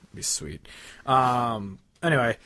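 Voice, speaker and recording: A man co-hosting a casual music podcast, rambling and excitable, swearing freely. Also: medium pitch, takes it slowly. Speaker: podcast co-host. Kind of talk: casual chat.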